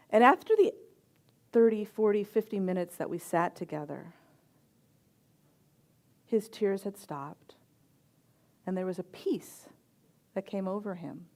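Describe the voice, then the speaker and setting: A middle-aged woman, a reverend and chaplain, giving a sermon with personal stories in a gentle, reflective voice with soft pauses. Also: fairly low pitch, lively intonation.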